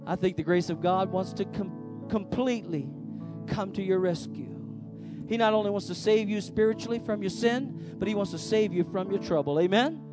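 A man preaching a sermon as the pastor of a church service, emphatic, swinging between loud declarations and hushed lines. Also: high-pitched, moderate pace. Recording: faint music behind.

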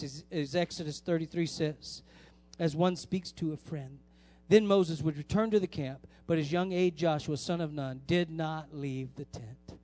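Emphatic high-voiced male preacher. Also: dark tone, dry recording. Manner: emphatic, repeats lines for the congregation. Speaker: pastor. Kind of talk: sermon. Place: church sanctuary.

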